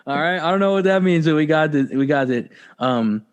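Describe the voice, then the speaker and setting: Loose, profane podcast host. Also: male voice, on the high side, expressive, fairly quick, clean tone, highs cut off. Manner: loose, profane, joking banter. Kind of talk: casual chat.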